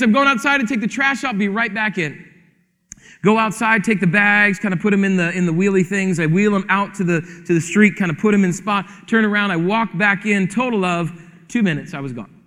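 Bright high-voiced male pastor preaching. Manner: animated storytelling, acting out dialogue. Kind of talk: sermon. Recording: hall reverb.

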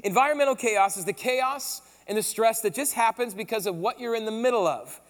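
A man preaching a sermon as pastor, telling the story in a casual, animated way with slang, in a large hall. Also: high-pitched, fairly quick. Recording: long hall reverb.

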